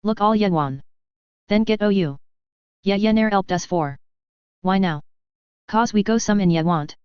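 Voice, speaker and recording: A woman doing a gruff werewolf man. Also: lowish voice, normal speed, no echo, natural voice. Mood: hostile. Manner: growling, clipped rural speech. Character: gruff protective male werewolf, rough and suspicious. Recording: dull dry lo-fi audio.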